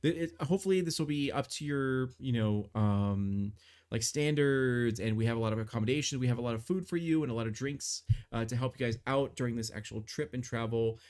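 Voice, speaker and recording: A man playing a friendly carriage hostess who welcomes travellers in a tabletop role-play. She talks casually and haltingly, with plenty of fillers, at an ordinary middle pitch. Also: a little mellow, smooth, lightly acted. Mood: welcoming.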